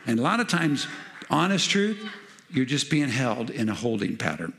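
A man's voice: medium pitch, very animated, moderate pace, fairly bright tone. A middle-aged man preaching a conversational sermon that builds into fervent, rising delivery. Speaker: pastor.

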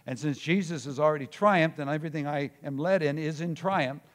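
A man preaching a sermon, moving from soft musing to loud emphatic declarations, often repeating words as he searches for the next phrase. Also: medium pitch, brisk, few pauses. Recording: long hall reverb.

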